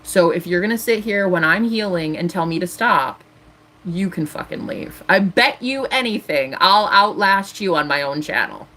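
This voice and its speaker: A woman's voice: fairly low pitch, animated, normal speed, a bit bright. A woman in her thirties ranting defiantly on a live stream as a tarot reader. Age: 30s.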